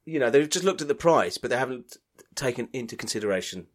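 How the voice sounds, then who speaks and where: A man's voice: mid-range voice, lively intonation, quick pace. A man co-hosting a podcast, chatting in a rambling, self-mocking, playful way. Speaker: podcast co-host. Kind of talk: casual podcast banter.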